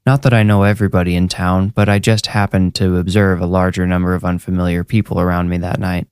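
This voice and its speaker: A man's voice: sits low, flat delivery, fast talker, darkish tone, clean tone, no room sound. A man narrating a first-person horror story in a dry, matter-of-fact way. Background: faint music.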